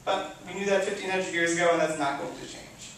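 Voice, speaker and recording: A man's voice: a little high, a little fast, distant mic, a little hiss or hum. Echoey young man speaking to a hall. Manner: chatty and self-deprecating, often restarting, rising to animated outbursts. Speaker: rabbi giving opening remarks. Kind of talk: personal talk to an audience. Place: event hall before a live audience.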